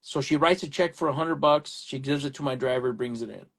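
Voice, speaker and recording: A man's voice: mid-range voice, brisk, vocal fry. A man, an electrical contractor, telling a story in casual chat and acting out both sides of a phone exchange. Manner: animated storyteller, acts out phone dialogue.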